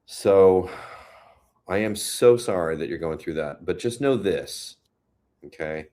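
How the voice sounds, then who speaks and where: A man's voice: low-pitched, expressive, unhurried, warm tone. A man hosting a casual livestream from home, chatting and reading viewer comments aloud. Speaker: livestream host. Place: home, New York City.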